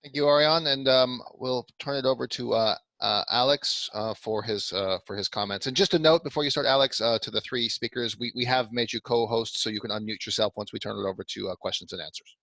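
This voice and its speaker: This is a man moderating a webinar panel at mid pitch. He hesitates and stumbles a little over his handovers. The sound is dry and close. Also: fairly quick, few pauses, fairly bright tone, no echo.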